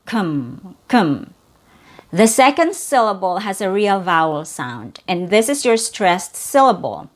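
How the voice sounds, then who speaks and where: A woman's voice: mid-range voice, very animated, a little slow, hardly any pauses. A woman teaching English pronunciation, modeling each sound and repeating words carefully. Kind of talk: slow, clear pronunciation lesson.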